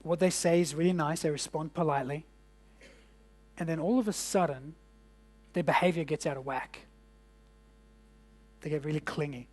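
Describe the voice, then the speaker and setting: A man's voice: a little high, moderate pace, pauses often, a little mellow. A man coaching a live audience of business owners in a casual, jokey way, asking the room questions. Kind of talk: workshop presentation to a live audience. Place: indoor event room.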